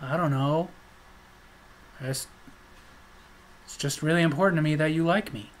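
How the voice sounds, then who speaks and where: A man's voice: on the high side, unhurried, slight background noise, natural voice. A man voicing a nervous, eager-to-please teenage boy who stammers and agrees with everything. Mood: meek.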